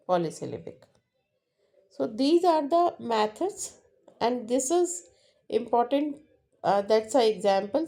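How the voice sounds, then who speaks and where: Lady teaching slow, mellow voice, kinda high, lots of uhs and restarts. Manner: slow and repetitive, with frequent fillers and restarts. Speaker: English teacher. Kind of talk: classroom lesson explanation.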